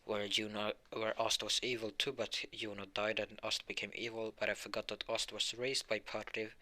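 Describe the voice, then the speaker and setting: A man's voice: lowish voice, flat delivery, brisk, pushed and bright. A man narrating an improvised fan story, rambling with many fillers and self-corrections.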